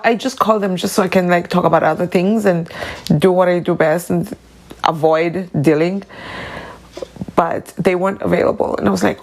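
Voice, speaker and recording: A woman with a South African accent, hosting a solo confessional podcast, talking alone at home in a halting, rambling, emotional way. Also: fairly low pitch, creaky, darkish tone, poor audio. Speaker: podcast host.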